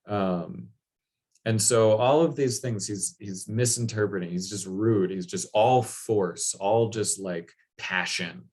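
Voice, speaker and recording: A man's voice: low-pitched, steady tone, unhurried. A man retelling a legend in a loose, chatty talk, full of fillers. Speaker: speaker. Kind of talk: casual storytelling talk.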